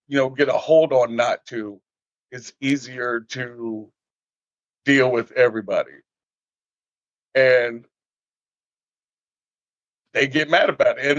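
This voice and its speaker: Animated man telling stories, dull recording. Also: mid-range voice, no echo. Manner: animated storyteller, acts out everyday scenes. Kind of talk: casual podcast conversation. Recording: dull lo-fi dry sound.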